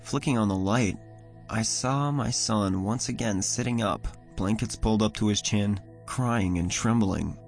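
Gravelly low-voiced male horror narrator. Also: steady tone. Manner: measured, somber. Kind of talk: first-person horror story narration. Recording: voice over soft music.

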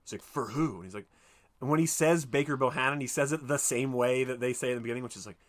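Joking man recapping a movie. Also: mid-range voice. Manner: retells scenes doing quick quoted voices, joking, swearing. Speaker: podcast co-host. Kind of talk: casual movie recap chat.

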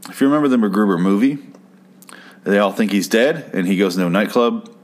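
Guy with a lowish voice ranting about a tv episode, swears a lot, exasperated, rambly. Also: lively intonation, quick pace. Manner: profane, exasperated, rambling with restarts. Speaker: show recap host. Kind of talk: casual ranting commentary.

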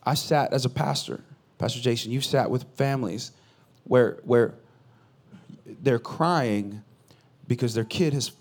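A man's voice: medium pitch, normal speed. Conversational man preaching a sermon. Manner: conversational, swings between loud bursts and quiet asides. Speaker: pastor.

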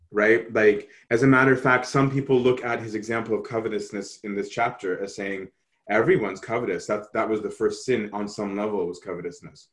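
A man teaching a Bible study, answering questions in an animated way and often checking in with "right?". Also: lowish voice.

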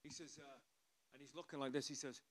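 A man, a pastor telling a story in a sermon, chatty and animated with frequent asides. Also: medium pitch, fast, long reverb tail.

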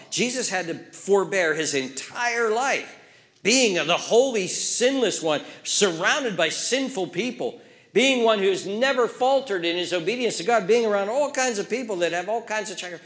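A man preaching a sermon in a church, repeating key words for emphasis and swinging between loud, urgent phrases and hushed ones. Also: on the high side. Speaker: pastor.

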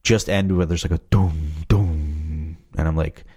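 A man's voice: deep voice, steady tone, quick pace, darkish tone, faint music behind. A young adult man, a podcast creator, talking casually and rambling loosely about his show. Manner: rambling, loose and chatty, full of fillers like "you know". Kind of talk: casual chat.

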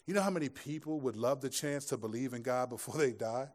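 A man's voice: mid-range voice, quick pace, darkish tone. A man pastor giving a sermon to a live congregation in a conversational style, mixing scripture with jokes and asides. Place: church room with a live audience.

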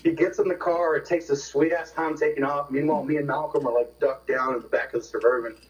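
A man's voice: on the high side, fairly even intonation, fast talker. A man casually telling a long rambling story, repeating words and swearing as he goes. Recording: distant, dull radio phone-in sound.

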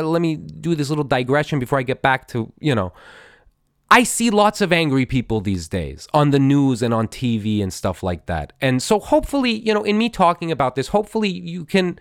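A man's voice: clean tone, no room sound, studio quality. A man in his thirties, a podcast host telling a confessional story in a rambling, profane way, full of restarts. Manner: animated, swinging up and down in pitch.

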